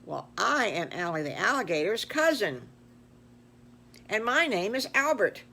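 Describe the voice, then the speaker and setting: A woman's voice: medium pitch, sing-song, a little slow, vocal fry, bright, forceful tone, exaggerated voice. An older woman voicing a friendly, eager male alligator in a spoken children's storybook. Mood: cheerful.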